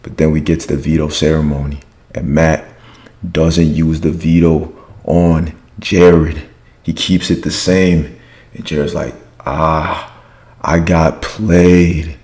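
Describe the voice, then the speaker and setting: Man, very low voice, casual recap, slangy, acts out quotes. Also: level tone, a little slow, warm tone. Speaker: podcast host. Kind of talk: casual reality-show recap.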